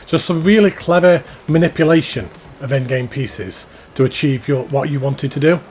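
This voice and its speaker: This YouTuber's mid-range, slightly mellow voice moves at a moderate pace over a little background noise. Touring a fan-built theme park in a video game, he chatters enthusiastically and loosely, repeating his compliments again and again.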